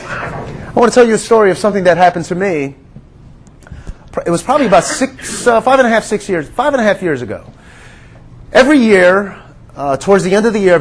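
A man preaching a sermon in a conversational, earnest way, calling his listeners friends and sinking to a hush on quiet words. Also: sits high.

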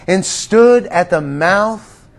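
A man preaching with a high voice, earnest and conversational, talking to his listeners as friends. He sinks to a near whisper on the quiet lines and then lifts his voice again to stress a point. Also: animated, very slow, vocal fry. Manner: earnest, drops to a hush on quiet words. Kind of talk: sermon.

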